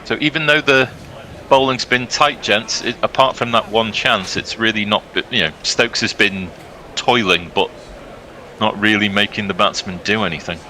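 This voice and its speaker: A man calls each delivery of a cricket match in a brisk, upbeat commentary style. His voice is lowish and sharply bright, and he laughs easily between balls. A faint noise hums under his voice. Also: poor audio. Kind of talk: ball-by-ball commentary.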